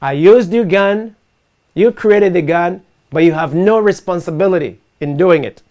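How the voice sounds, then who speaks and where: A man's voice: sits high, moderate pace, a little mellow. A man hosting a live online talk show, speaking earnestly and emphatically, building his points with rhetorical questions. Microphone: video call setup.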